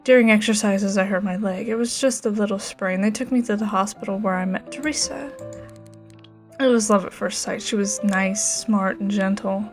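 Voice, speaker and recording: A woman reading the lines of a heartbroken, bitter young male dragon rider in a game, in a subdued, halting way, with faint game music behind. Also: medium pitch, steady tone, natural voice. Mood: bitter, grieving.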